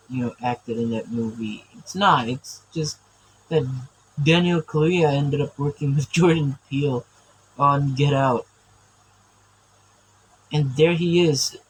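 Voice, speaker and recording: A man's voice: on the high side, husky, low-quality recording. A man chatting casually while he draws, rambling and stammering with frequent laughs. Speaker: artist drawing on camera. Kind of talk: casual chat while drawing.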